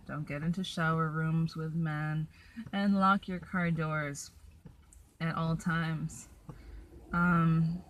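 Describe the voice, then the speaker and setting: A young woman telling travel stories in a casual vlog, chatty and full of ums and likes. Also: on the low side. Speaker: solo traveler vlogger. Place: in her van.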